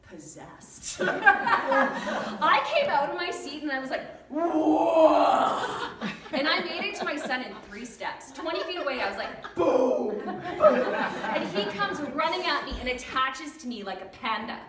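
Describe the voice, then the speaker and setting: Woman storyteller, fairly high voice, lively and animated, acts out family voices; echoey hall, mic set back from her. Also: moderate pace, crowd noise. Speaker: storyteller on stage. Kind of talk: humorous personal storytelling talk. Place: church hall with an audience. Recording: echoey hall, recorded from far off.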